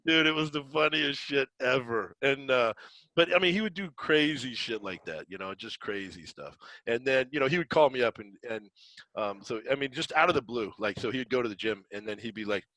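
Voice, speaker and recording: A man, a guest coach, telling casual stories in an animated way, full of fillers and laughter. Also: medium pitch, fairly quick, no echo, rough recording. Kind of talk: casual anecdotal storytelling.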